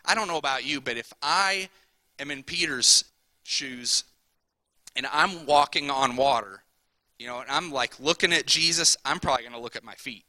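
A man preaching a sermon in a conversational way, often asking "right?" and moving between quiet asides and loud emphasis. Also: mid-range voice, moderate pace, dry recording, poor audio. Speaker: pastor.

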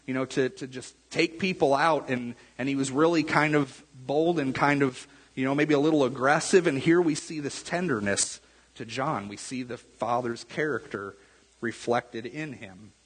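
Male pastor, chatty sermon delivery, husky voice, long church-hall reverb. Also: fairly high pitch, fairly bright tone. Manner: conversational, repeats words, asks the room "right?". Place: church sanctuary.

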